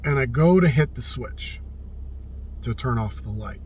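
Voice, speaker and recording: A man telling a personal story in casual spoken style, earnest and often hushed, swearing freely and repeating phrases for emphasis. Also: medium pitch, expressive, unhurried, slight background noise. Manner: often drops to a hushed, subdued tone.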